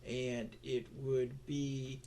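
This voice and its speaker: A man with a gravelly voice co-hosts a casual podcast chat. He keeps the talk on track at a steady, mid-range pitch. His humor is dry, and he talks with many fillers. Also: extremely slow. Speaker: podcast co-host.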